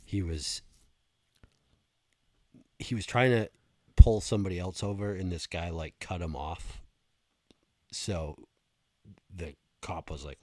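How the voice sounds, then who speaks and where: A man's voice: sits low, steady tone, slow, pauses often, mellow, no room sound. A man co-hosting a podcast, telling stories in a casual, profane way on a close mic. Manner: storytelling, profane, laughing. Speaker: podcast co-host. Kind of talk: casual chat.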